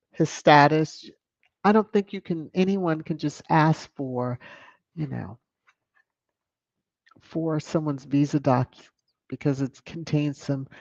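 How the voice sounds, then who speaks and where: A woman's voice: a bass voice, vocal fry, darkish tone, no echo. Woman streamer, casual commentary, blunt and chatty, dry slightly muffled mic. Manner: chatty, blunt, gushing when thanking supporters. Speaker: host of a royal-news commentary livestream.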